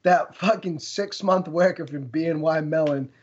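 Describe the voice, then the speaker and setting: A man's voice: fairly high pitch, normal speed, breathy edge, highs cut off. A man co-hosting a podcast, joking and crude in casual banter. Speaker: podcast co-host.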